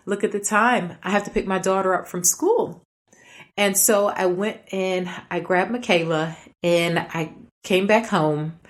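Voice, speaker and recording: A middle-aged woman hosting a podcast, telling a candid personal story with quoted voices and small laughs. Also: lowish voice. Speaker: podcast host.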